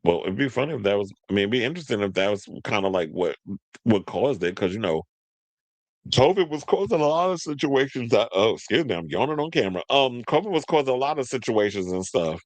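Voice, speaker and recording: Man, low voice, gossip show host, sassy casual chat, dry close sound. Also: expressive, fast, no echo. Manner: chatty and sassy, with slang asides. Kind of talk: casual commentary, reading news aloud.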